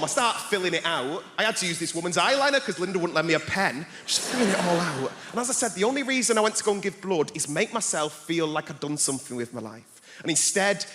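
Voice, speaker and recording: Young comedian on a echoey stage. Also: male voice, a little high. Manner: storytelling with put-on voices for people in the story. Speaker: stand-up comedian. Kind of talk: stand-up set. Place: large theater stage. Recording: echoey hall with loud crowd laughter.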